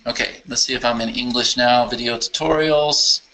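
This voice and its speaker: A man hosting a casual live Q&A for his software users, answering questions enthusiastically and thinking aloud as he clicks through a screen demo. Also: mid-range voice, steady tone, moderate pace, poor audio. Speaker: software company founder answering user questions.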